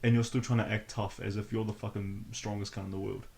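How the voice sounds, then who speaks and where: A man's voice: fairly low pitch, little pitch movement, fast, vocal fry, dark tone, slight background noise. A man co-hosting a podcast, chiming in with blunt, profane reactions and frequent laughter. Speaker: podcast co-host. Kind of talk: casual chat.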